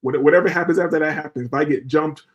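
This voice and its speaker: A man on a livestream, talking in a heated, profane rant. His voice sits a little high for a man, and he keeps circling back to rhetorical questions as he works himself up. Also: quick pace, dull audio. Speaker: livestream host.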